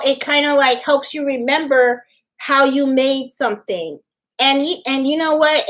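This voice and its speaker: Chatty New York woman hosting a livestream. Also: fairly high pitch. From New York City. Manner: chatty, meandering, talking straight to her chat. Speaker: crafting livestream host. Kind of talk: casual live-stream chat with viewers.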